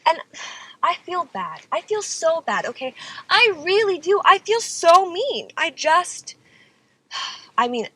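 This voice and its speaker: Young woman venting her love drama, high voice all over the place, super exasperated. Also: big pitch swings, slow, long pauses, sharp tone, dry recording, poor audio. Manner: dramatic, exasperated, lots of "like" and "okay?". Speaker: singer telling a personal story. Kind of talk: confessional storytelling vlog.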